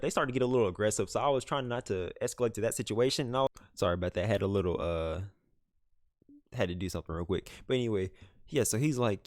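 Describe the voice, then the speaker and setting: A young man casually retelling a story for his vlog, animated, with many fillers. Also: medium pitch, dry recording, clean studio sound. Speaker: vlogger. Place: home room, dog nearby.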